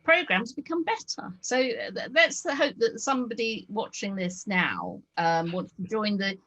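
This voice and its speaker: A woman's voice: mid-range voice, sing-song, normal speed, fairly bright tone, rough recording. A woman with a Northern English accent hosting a casual video-call chat, talking in an enthusiastic, rambling way with lots of ums. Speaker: host.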